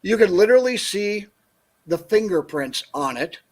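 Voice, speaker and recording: Man telling an animated story on a call. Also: high voice, moderate pace. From northern Minnesota. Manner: animated anecdote, acts out quoted dialogue. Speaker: guest. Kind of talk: casual storytelling on a call-in show.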